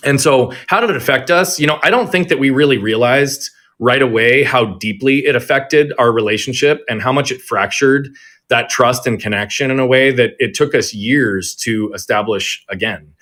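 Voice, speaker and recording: A man's voice: medium pitch, moderate pace, a bit bright. A man who is a guest on an interview show, reflecting earnestly on a past experience and how it affected his family. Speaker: guest, performance coach. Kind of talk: conversational interview.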